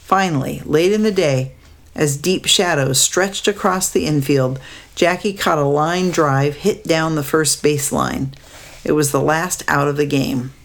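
A woman narrating a children's story aloud in a calm, measured way. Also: deep voice, vocal fry.

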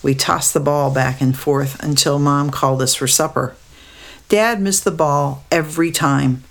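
A woman narrating a storybook aloud in a steady, descriptive way. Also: sits low, measured pace, creaky.

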